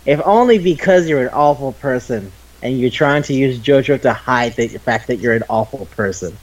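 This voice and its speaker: A man in his twenties co-hosting a casual chat podcast, excitable and quick to swear. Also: medium pitch, muffled recording. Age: 20s. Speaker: podcast co-host. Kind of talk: casual chat about anime.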